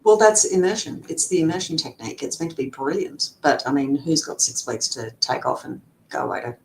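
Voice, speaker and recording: This middle-aged woman is a lawyer appearing as a guest in a casual interview, and she speaks in an animated, fairly quick way, chatty and full of fillers and laughter. The low-quality recording carries a faint background rumble.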